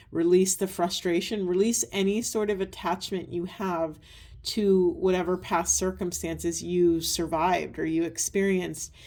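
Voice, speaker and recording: Woman, spiritual card reader, soft earnest rambling delivery, lowish mellow voice. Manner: soft, earnest, meandering with many ums. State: tearful at times. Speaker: tarot and oracle reader. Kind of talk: spiritual card reading monologue.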